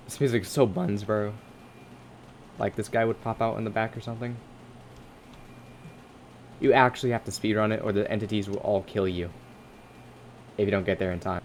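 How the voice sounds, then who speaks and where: A man's voice: lowish voice, fairly even intonation, moderate pace, pauses often, slight background noise. A teenage boy giving casual, jokey gameplay commentary, swearing and yelping in panic when something chases him. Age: teens. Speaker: gaming content creator. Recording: game music playing underneath. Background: background music.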